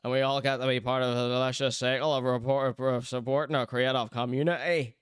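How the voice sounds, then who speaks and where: Man doing a chirpy Ballymena label owner reading his blurb, a touch higher, smooth voice. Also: flat delivery, a little fast, lightly acted. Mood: upbeat pitch. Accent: put-on Ballymena.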